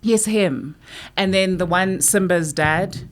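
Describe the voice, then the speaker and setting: Lady cohosting a podcast, lowish voice, chatty, does the voices when she quotes people. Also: takes it slowly. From South Africa. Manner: animated storyteller, acts out quotes. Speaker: podcast co-host. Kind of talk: casual chat.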